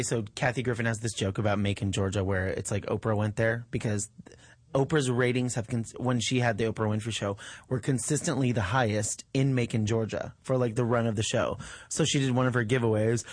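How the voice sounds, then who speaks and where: A man co-hosting a casual studio chat show, animated and jokey, often jumping into high sing-song bits. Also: fairly quick, dry recording. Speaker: podcast co-host.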